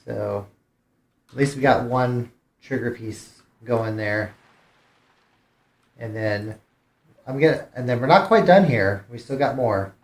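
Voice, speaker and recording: A man's voice: medium pitch, slow pace, pauses often, roomy sound. A man streamer giving casual gameplay commentary, thinking aloud with hesitant restarts. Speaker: game streamer.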